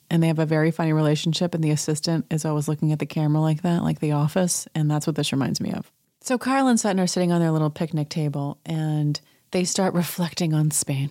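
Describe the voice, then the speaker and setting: Low-voiced woman chatting a sarcastic recap. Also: dark tone, dry recording, clean studio sound. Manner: chatty and sarcastic, acts out quotes in high voices. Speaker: podcast host. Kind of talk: casual reality TV recap.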